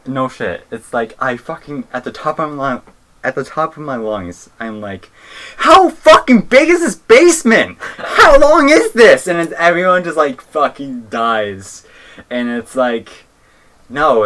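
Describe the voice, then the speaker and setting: A man's voice: medium pitch, fairly bright tone. A young man co-hosting a podcast, telling a story in a rambling way, with lots of fillers and swearing. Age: young adult. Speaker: podcast co-host. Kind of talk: casual podcast chat.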